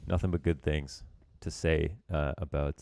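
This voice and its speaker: His voice rumbles low, creaky and a little mellow, holding a steady tone at a moderate pace. He's an esports coach taking viewers through a recorded match in informal commentary. There are lots of filler words and some self-mocking asides.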